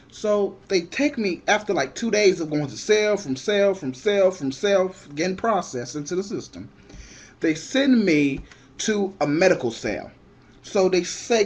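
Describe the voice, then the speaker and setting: A young man telling a comic story in an excitable way, shouting the punchlines and acting out the other people in it. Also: sits high, slightly rough.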